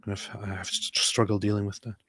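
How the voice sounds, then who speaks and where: A man hosting a casual livestream, chatting loosely and reading viewer comments aloud in a relaxed, joking way. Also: fairly low pitch, fast talker, husky, no echo, studio quality. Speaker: host.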